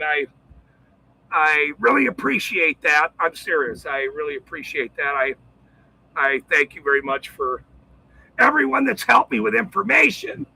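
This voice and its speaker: A man hosting his own video channel, ranting loudly and profanely at local officials in a mocking, combative way. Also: very high voice, vocal fry, breathy edge, rough recording. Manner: loud, profane, mocking rant. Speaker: YouTube channel host. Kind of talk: ranting livestream vlog.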